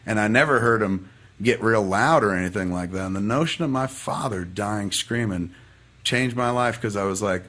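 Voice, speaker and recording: A man's voice: on the low side, moderate pace, fairly bright tone. A man casually telling a personal story as a podcast guest, profane and rambling but heartfelt.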